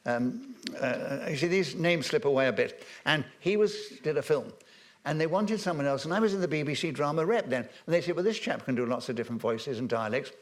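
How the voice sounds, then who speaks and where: A man's voice: on the high side, lively intonation, a little fast. An older man telling stories on a festival stage, rambling with many ums and restarts, and chuckling at his own anecdotes. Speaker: veteran broadcaster and guest. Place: festival stage before an audience.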